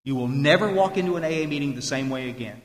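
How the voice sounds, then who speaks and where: A man speaks as guest speaker at a recovery meeting, giving a heartfelt, earnest talk and repeating phrases for emphasis. His voice is fairly high and quick, recorded in an echoey hall with long, roomy reverb.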